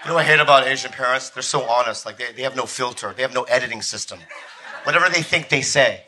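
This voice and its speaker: A man doing an animated stand-up routine that breaks into shouty bits. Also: mid-range voice, quick pace, slight background noise, rough recording. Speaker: stand-up comedian.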